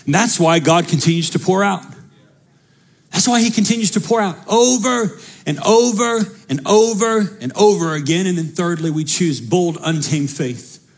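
A young adult man preaching a sermon as pastor, animated, repeating his phrases and stumbling over restarts. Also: high-pitched, normal speed, vocal fry.

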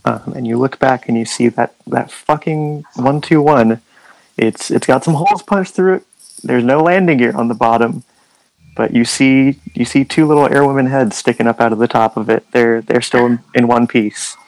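A man narrating as game master of a tabletop war game, relaxed and halting. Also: medium pitch, vocal fry, no echo, rough recording.

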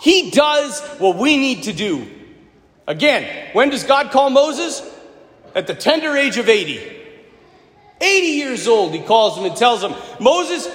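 A priest giving a sermon, telling the story playfully and acting out the scenes. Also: male voice, extremely high pitch, sing-song, unhurried, fairly bright tone. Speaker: Catholic priest. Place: church. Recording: echoey church from a distance.

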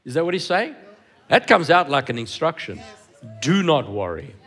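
A male pastor preaching with a fairly high, lively voice that rises and falls a lot. He stresses words by repeating them and keeps turning to the congregation with questions. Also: moderate pace, slightly rough, soft background music. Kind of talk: sermon. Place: church hall.

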